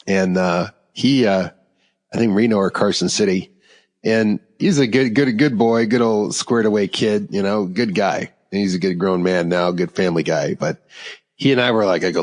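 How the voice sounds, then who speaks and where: A man's voice: fairly low pitch, normal speed, big-room sound. A man hosting a podcast, telling stories in casual chat and laughing through them. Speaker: podcast host.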